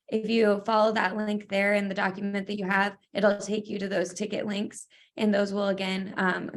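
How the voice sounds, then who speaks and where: A woman giving schedule details in a webinar, steady in delivery and slightly losing her voice. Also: medium pitch. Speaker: athletic association staff. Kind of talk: informational webinar briefing. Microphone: video call.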